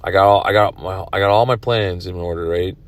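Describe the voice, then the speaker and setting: Low-voiced man, tired, rambling pool commentary, recorded in a car, dry sound. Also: a little fast, no room sound. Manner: rambling, self-critical, frequent restarts. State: tired, yawning. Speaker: pool player commenting on his own match. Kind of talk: casual video commentary. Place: in his car.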